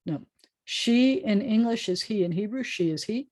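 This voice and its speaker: A woman rabbi teaching a Hebrew class over a video call, explaining patiently and repeating words slowly. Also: mid-range voice, lively intonation, darkish tone. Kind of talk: online class lecture.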